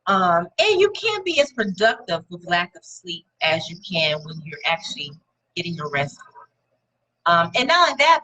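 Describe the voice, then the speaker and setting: A woman's voice: lowish voice, pushed and bright, breathy edge, rough recording. A woman giving a casual motivational talk to her viewers, encouraging and conversational, leaning on repeated words for emphasis. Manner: speaks directly to viewers and names them.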